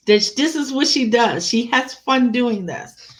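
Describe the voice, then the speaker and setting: A woman telling personal stories in casual chat, animated and laughing often, swearing freely. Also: a little high, measured pace.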